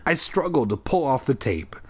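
A man's voice: mid-range voice, very animated, normal speed, slightly rough. A man hosting a podcast, reading a spooky children's book aloud with irreverent, profane comic asides.

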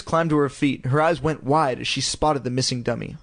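A man's voice: medium pitch, fairly even intonation, a little fast, a bit bright. A man reading a children's story aloud in a casual, irreverent way, throwing in crude ad-libs. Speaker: reader.

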